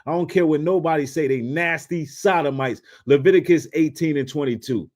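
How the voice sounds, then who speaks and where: A man commentating on video clips in a casual, mocking way, swinging between low mutters and loud outbursts. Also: fairly quick.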